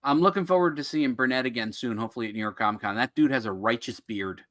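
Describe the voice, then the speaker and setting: A middle-aged man from New Jersey with a bright, forceful voice at a middling pitch, chatting casually as co-host. He tells stories in a jokey, animated way. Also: fast talker. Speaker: co-host of a comics podcast. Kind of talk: casual chat.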